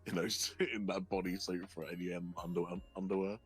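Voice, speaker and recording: A man's voice: sits low, flat delivery, fairly quick. A man co-streaming in casual chat, laid-back and joking. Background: background music.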